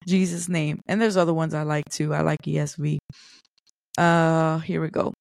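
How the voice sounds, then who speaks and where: A woman's voice: lowish voice, creaky, a little mellow, no room sound. A woman hosting a faith podcast, reading scripture aloud and explaining it in an earnest, conversational way. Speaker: podcast host.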